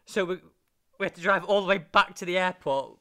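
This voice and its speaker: A young man telling a lively anecdote in casual chat, acting out the other people's lines. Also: high-pitched, a little fast. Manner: animated, acts out other voices.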